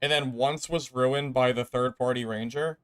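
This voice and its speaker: A man's voice: medium pitch, fairly even intonation, moderate pace, smooth, dry recording. A man streaming a video game, ranting about his gameplay in exasperated, frustrated commentary.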